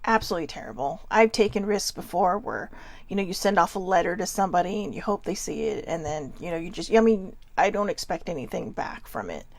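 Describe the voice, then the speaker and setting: A woman hosting a self-help talk for viewers, close to tears and speaking haltingly, apologizing with nervous laughs. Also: on the low side, lively intonation, dry recording. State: tearful, close to crying. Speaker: host.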